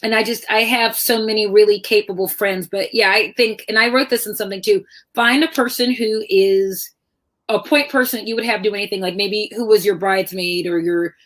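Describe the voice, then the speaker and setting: A middle-aged woman author telling personal stories in a lively conversational talk, acting out the voices of people she quotes. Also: mid-range voice, a little fast. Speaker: author guest.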